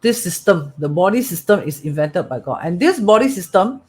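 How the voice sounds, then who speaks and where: Singaporean-accented man, lively swooping pitch, motivational talk, repeats himself, keeps asking right? correct?. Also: normal speed. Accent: Singaporean English. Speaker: metaphysics teacher.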